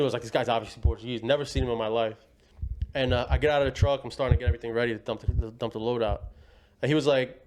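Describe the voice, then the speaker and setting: A young man spins long family stories at a rapid clip. His talk is loose and full of slang, and he laughs easily between lines. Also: medium pitch, a little mellow. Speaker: guest. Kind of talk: casual storytelling.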